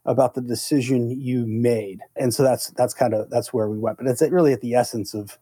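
A middle-aged man co-hosting a podcast, telling a story in a casual, animated way and acting out the lines he quotes. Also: medium pitch, fairly quick, husky, no room sound. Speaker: podcast co-host; negotiation instructor.

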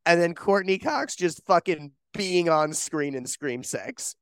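A man co-hosting a podcast in casual chat, excitable and swearing freely, with lots of fillers. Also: on the high side, slow, smooth, no room sound. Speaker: podcast co-host.

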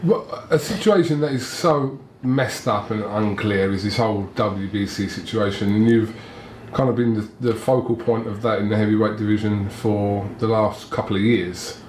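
A man's voice: lowish voice, moderate pace, few pauses, darkish tone. A man interviewing a boxer, asking pointed questions and pushing follow-ups. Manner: probing, pushes follow-ups. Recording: roomy with background noise.

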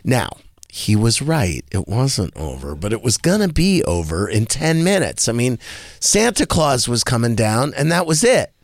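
A man hosting a radio talk show, telling a story with a lively voice that swoops up and down. He talks slowly and a bit high, acting out the people he quotes. The studio sound is close and dry. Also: no echo. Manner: animated, acts out quoted voices in a higher pitch. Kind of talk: casual storytelling chat.

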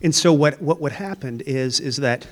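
A man's voice: mid-range voice, normal speed. A man in his fifties telling an earnest personal faith story as a guest in a church interview. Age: 50s.

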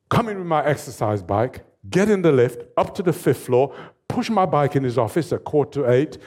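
A man in his seventies, a fitness trainer telling stories as an interview guest in a lively, animated way. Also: a little high, a little fast, breathy edge. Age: 70s. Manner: lively, animated storyteller who laughs often. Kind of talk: storytelling in an interview.

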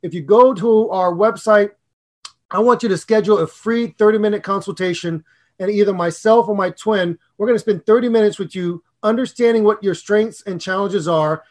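A middle-aged man co-hosting a podcast on public speaking, talking in an excitable, animated way with big jumps in pitch and loudness. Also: normal speed. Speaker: podcast co-host and speaking coach.

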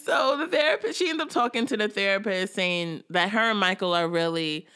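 A woman's voice: medium pitch, a little fast, clean tone. A woman co-hosting a casual TV recap, laughing often and acting out scenes. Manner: laughing, animated, acts out scenes. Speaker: podcast co-host.

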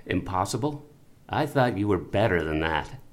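A man's voice: deep voice, animated, moderate pace. An actor playing a vain, self-absorbed male marketing executive in an audio drama, pushy and prone to stammering. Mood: insistent. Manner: pushy and self-assured, stammers when flustered. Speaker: client faking his death.

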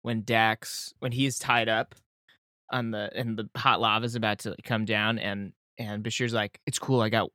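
Brief: male podcast co-host, lively and profane, dry close recording. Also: on the low side, a little slow, dry recording. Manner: animated, laughing, swearing, acts out quotes. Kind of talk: casual chat.

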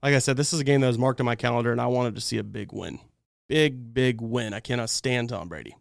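A man's voice: medium pitch, fast, creaky, no room sound, clean studio sound. A man hosting a live fan stream, breaking down a game in a heated, exasperated rant. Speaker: fan channel host.

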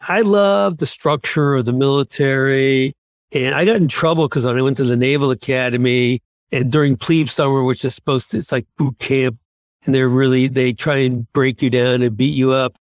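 A man in his sixties from Massachusetts, a guest on an interview podcast, telling lively self-deprecating anecdotes. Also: medium pitch, moderate pace, no echo, studio quality. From Massachusetts, USA. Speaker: podcast guest, former submarine commander. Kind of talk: conversational interview storytelling.

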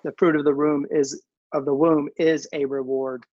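A male co-host answers in a measured, reflective tone. His voice is slightly high and very level in pitch. The recording is dry, dull and lo-fi. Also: level tone, a little mellow, no echo. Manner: measured, reflective, quotes scripture. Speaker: podcast co-host. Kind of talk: casual interview.

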